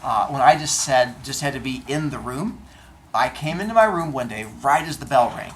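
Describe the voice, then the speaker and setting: A male teacher talking to his class in a classroom, telling stories with deadpan comic exaggeration. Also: mid-range voice, a little hiss or hum. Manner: animated storyteller, acts out exchanges in comic voices. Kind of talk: classroom talk to students.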